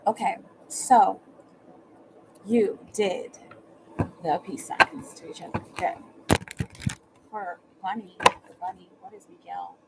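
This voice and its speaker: A woman hosting a live tarot stream, chatting casually with viewers, excitable and quick to laugh, sometimes dropping to a near-whisper. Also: medium pitch, heavy background noise.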